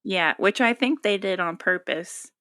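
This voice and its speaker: A woman with a bright, sharp voice muses aloud on a podcast. Her tone is crisp and smooth, and the recording is dry and close. She wanders through her thoughts with lots of filler words and giggles. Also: medium pitch, unhurried, no room sound. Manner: musing, many "like" fillers, giggly. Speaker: podcast co-host. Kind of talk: casual chat.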